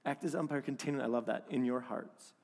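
A man preaching a sermon as pastor, animated, swinging between loud emphasis and hushed moments. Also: mid-range voice, fast talker, in a large hall.

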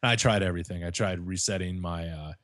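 A man's voice: low-pitched, fast talker, a bit bright, no echo, studio quality. A man telling profane stories in a casual chat, laughing as he goes. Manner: profane storytelling, laughs mid-sentence.

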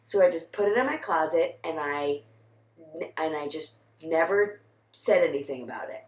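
A woman's voice: low-pitched, animated, moderate pace, echoey room, low-quality recording. Rambling young woman telling a story. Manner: rambling storytelling with many "like"s, laughing at herself. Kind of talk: casual chat.

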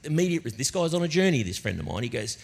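A middle-aged man preaching a sermon as a pastor, telling stories in an animated, conversational way. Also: medium pitch, quick pace, creaky. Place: church auditorium. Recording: long reverb of a church hall.

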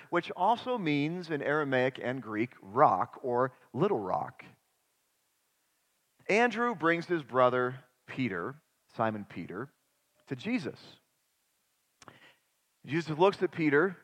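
Male pastor, somewhat high voice, emphatic sermon delivery in a church with long reverb. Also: sing-song, a little slow. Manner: emphatic, with rhetorical questions and sudden drops to quiet.

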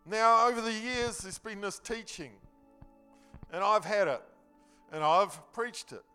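A man's voice: high-pitched, unhurried, sharp tone, clean tone, soft background music. A man preaching a sermon, telling the story earnestly and emphatically in a loose, conversational way with casual slang.

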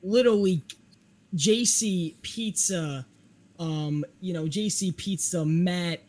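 A man with a New York accent, a podcast guest telling stories in a rambling, animated way with a lot of laughter. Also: high voice, slow pace. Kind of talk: casual chat.

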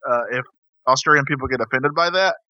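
A man co-hosting a podcast in casual chat, playful and musing, with hesitant pauses. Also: mid-range voice, sharp tone, no echo, highs cut off. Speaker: podcast co-host.

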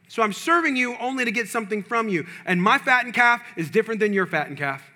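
A man preaching a sermon in a casual, slangy way, repeating phrases and building intensity before dropping to a quiet, hushed tone. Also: high-pitched, lively intonation, normal speed, long pauses. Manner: preaching with rising intensity, quoting imagined prayers. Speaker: pastor.

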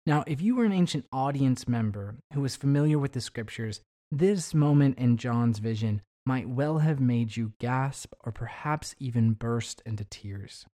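A man delivering a sermon in a mellow, warm voice, reading scripture aloud and lifting his emphasis as he goes. His pitch sits in an ordinary middle range. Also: expressive, moderate pace, few pauses. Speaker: preacher.

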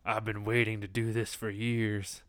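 A man voicing a sly, unhurried male vampire with a slow drawl. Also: lowish voice, flat delivery, no echo, clean studio sound, voice pushed down, natural voice. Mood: menacing.

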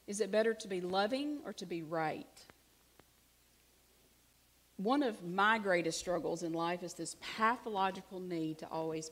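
Lower-voiced Southern woman preaching. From Alabama. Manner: conversational, self-deprecating storytelling with dramatic hushed asides. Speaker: pastor. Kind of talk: sermon.

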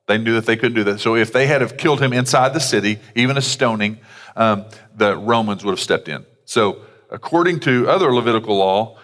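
A man's voice: medium pitch, a bit bright. A man, a pastor, preaching a sermon in a conversational way with casual asides. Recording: long hall reverb.

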